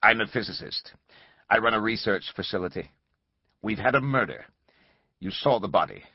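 Man reading as a cold, mechanical physicist, low husky voice, clipped and flat. slightly dull lo-fi audiobook sound. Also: normal speed, dry recording. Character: rigid, mechanical-sounding male physicist on the phone.

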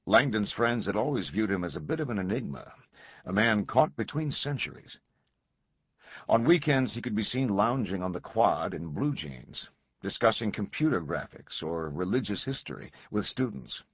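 A man reading an audiobook in a measured, dramatic scripted narration, in a slightly dull recording. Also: fairly low pitch, sing-song, breathy edge, no room sound.

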